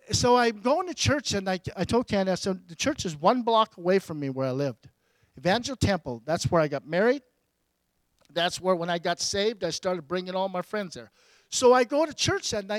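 A higher-voiced man, middle-aged or older, tells his life story from the pulpit. He swings from loud bursts to near whispers. The sound is dry and close. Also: moderate pace, no room sound. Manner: animated, swinging from loud to hushed. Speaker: pastor. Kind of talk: storytelling sermon.

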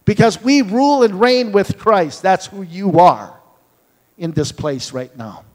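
A man's voice: high voice, lively intonation, unhurried. A man preaching a sermon, telling stories with acted-out dialogue and building to fervent proclamation. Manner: storytelling, acts out dialogue, rises to fervent proclaiming. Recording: long hall reverb.

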